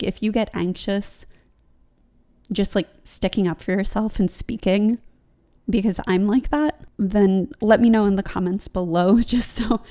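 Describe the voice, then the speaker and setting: Chatty woman with a creaky, warm voice. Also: fairly high pitch. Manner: chatty, rambling, laughs often, fillers like "like". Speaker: budgeting channel host. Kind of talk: casual vlog talk to viewers.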